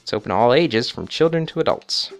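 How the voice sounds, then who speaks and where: Formal clerk lady at a ticket window, read by a guy, slow and polite. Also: mid-range voice, big pitch swings, creaky, soft background music.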